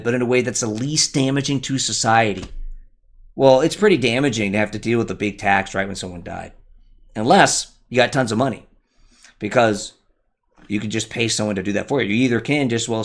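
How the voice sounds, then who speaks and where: A man hosting a solo livestream, explaining a point as he thinks aloud, with frequent asides and restarts. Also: mid-range voice. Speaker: livestream host.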